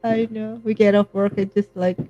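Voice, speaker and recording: A woman's voice: medium pitch, level tone, moderate pace, no echo, muffled recording. A woman hosting a live call-in show, chatting and giggling with guests. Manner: giggly, warm-hearted chatter. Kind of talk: casual chat.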